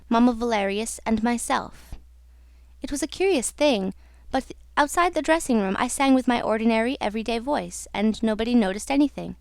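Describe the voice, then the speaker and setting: A woman's voice: a little high, gravelly, darkish tone, dry recording, studio quality. A woman reading an audiobook, voicing a young female opera singer who confides her story in an earnest, wistful way. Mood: confiding.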